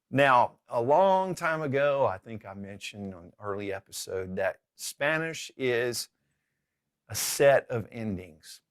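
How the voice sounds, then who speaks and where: A man's voice: medium pitch, a bit bright, dry recording, studio quality. Upbeat man teaching Spanish grammar. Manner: upbeat, checks in with "okay?" often. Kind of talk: recorded lesson.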